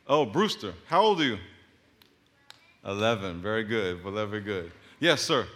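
With a sing-song, slightly bright voice on the low side and normal pacing, a middle-aged Long Island, New York pastor greets his congregation and banters teasingly with them. The setting is a large church auditorium, recorded with reverberant hall sound.

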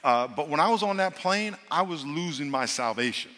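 A male pastor preaching a storytelling sermon to a live audience, animated and acting out dialogue in a raised voice. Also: a little high, moderate pace. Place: large church hall with a live audience. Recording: live hall reverb, faint room noise.

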